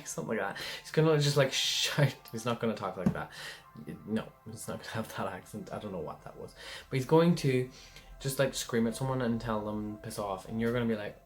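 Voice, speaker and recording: A man giving a casual pick-a-card tarot reading, rambling and chatty, often checking in with the listener. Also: mid-range voice.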